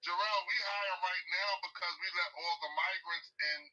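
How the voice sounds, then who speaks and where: A brash, blunt man from New York argues over a tinny phone line. His voice has a bright, sharp edge with a husky grain. He boasts and curses casually as a call-in guest. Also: sits high, steady tone, moderate pace. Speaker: caller. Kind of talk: heated casual debate.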